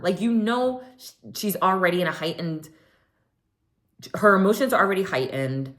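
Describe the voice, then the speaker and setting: A woman hosting a casual TV recap, chatty and animated, often acting out what people said. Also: lowish voice, normal speed. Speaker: recap podcast host.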